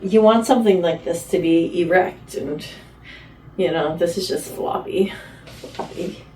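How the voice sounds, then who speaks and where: A woman's voice: mid-range voice, dark tone. A woman from Canada, a vlogger chatting in a playful, rambling way while trying on clothes at home. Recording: roomy, distant, faint room noise.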